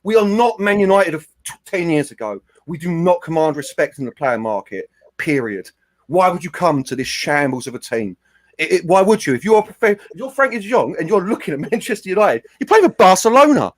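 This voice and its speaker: A man's voice: high voice, brisk. A man ranting heatedly on a fan podcast panel. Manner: animated, ranting, slips into mimicking quotes.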